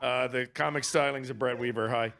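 A man's voice: mid-range voice, fairly even intonation, a little fast, gravelly, background noise. A man on a stage panel hesitantly leading into a joke. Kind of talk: live panel chat.

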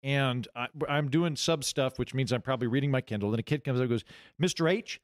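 A man who worked as a substitute teacher, telling comic stories in casual chat with deadpan punchlines. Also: medium pitch, fast, no echo, clean studio sound. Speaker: podcast guest, former substitute teacher. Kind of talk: casual comedic storytelling.

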